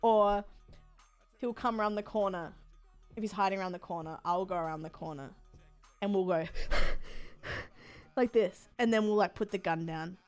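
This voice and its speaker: A woman chats to her stream in a loose, rambling way, mixing swearing and fillers as she jumps between stories. Her voice sits at an ordinary pitch for a woman. Soft game music plays faintly behind her. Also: a little fast, smooth. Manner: rambling, frank, swears freely, full of fillers and playful bits. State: sore body. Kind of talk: casual chat while gaming on stream.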